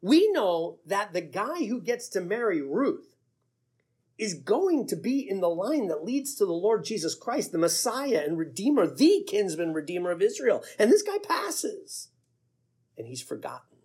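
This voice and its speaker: Male pastor, husky, animated sermon storyteller. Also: high voice, a little slow. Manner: animated storytelling, acts out the characters with chuckles.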